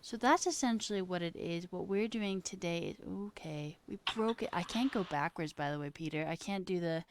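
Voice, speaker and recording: A woman's voice: fairly low pitch, normal speed. A woman hosting a casual livestream, chatting to her viewers and plainly explaining the project she is coding. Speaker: streamer host.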